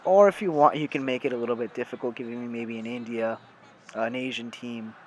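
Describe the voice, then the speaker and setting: A man's voice: mid-range voice, fairly even intonation, a little fast, darkish tone, slight background noise, rough recording. Chatty American man commenting on gameplay. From United States. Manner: chatty, addresses viewers as guys, many fillers and self-corrections. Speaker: gaming YouTuber.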